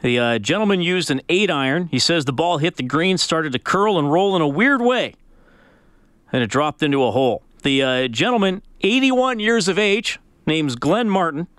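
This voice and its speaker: A man's voice: a little high, sing-song, normal speed, a bit bright, clear, resonant tone, no echo, clean studio sound. A man hosting a sports radio show, talking casually and telling stories with plenty of fillers. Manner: casual, storytelling, many fillers.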